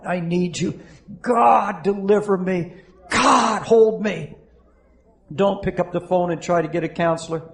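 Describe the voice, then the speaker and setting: A man's voice: on the high side, rough recording. A man preaching a fervent sermon, pleading with people who have come forward and leading them in prayer. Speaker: pastor. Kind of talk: sermon with altar-call prayer. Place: church in front of a congregation.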